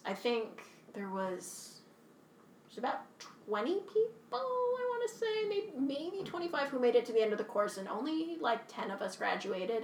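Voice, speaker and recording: A young woman from Canada chatting casually, animated and swearing freely, laughing often. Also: mid-range voice, reverberant, slight background noise. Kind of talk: casual chat.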